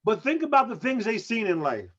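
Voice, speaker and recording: A man with a fairly high voice riffs through a casual comedy chat, incredulous and playful. The sound is muffled and lo-fi. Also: a little fast. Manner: animated, incredulous, joking. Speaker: co-host. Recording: muffled lo-fi audio.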